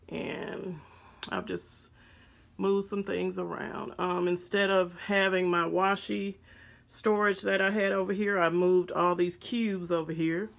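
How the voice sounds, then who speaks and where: A woman's voice: on the low side, gravelly. A woman showing off craft supplies in a casual vlog from her home craft room, chatting to viewers with lots of ums. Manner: chatty, addresses viewers as guys, many ums. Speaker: craft haul vlogger. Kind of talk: casual show-and-tell chat.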